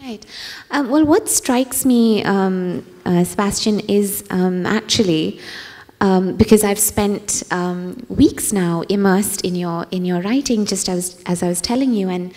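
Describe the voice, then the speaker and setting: A woman's voice: mid-range voice, unhurried, a little mellow. A woman writer interviewing a novelist on stage at a literary festival, with many ums and restarts. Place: concert hall on stage. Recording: long hall reverb.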